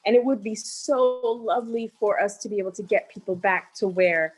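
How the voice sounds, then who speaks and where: A woman co-hosts a relaxed cooking show, speaking with open enthusiasm about food and flavor. She talks in an expressive, chatty way in a voice of average pitch. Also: fairly quick, low-quality recording. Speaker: co-host. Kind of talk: casual cooking show chat.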